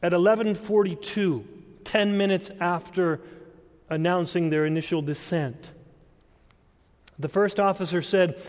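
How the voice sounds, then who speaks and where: Slow, high-voiced preacher in reverberant hall. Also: male voice, a little mellow. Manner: deliberate storytelling, building to earnest emphasis. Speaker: pastor. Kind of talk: sermon. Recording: long church-hall reverb.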